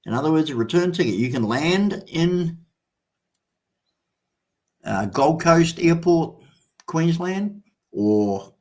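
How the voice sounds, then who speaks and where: A man's voice: a little high, lively intonation, takes it slowly, pauses often, darkish tone. An Australian man in his sixties hosting a live stream in casual chat. He rambles, swears freely and fills with lots of ums. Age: 60s. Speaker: livestream host.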